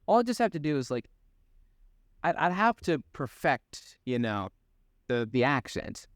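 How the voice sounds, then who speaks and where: Lively rambling young man, dry sound. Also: fairly high pitch, no room sound. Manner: rambling, halting, swears freely. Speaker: podcast co-host. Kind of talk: casual chat.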